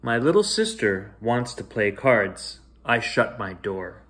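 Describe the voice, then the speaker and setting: A man reads a picture book aloud as a bedtime story, unhurried and gentle. His voice sits at an ordinary middle pitch, lifting into sing-song highs and sinking to soft hushed lines as the story moves. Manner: gentle, expressive reading with sing-song rises and hushed drops. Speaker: storyteller reading to children.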